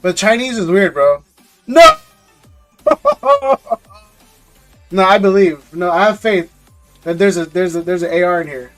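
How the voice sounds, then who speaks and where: A man whose voice sits high hosts a live stream where he opens trading card packs, speaking a little quickly with faint music behind him. His chat with viewers is casual, jokey, and slangy, and he often says words twice.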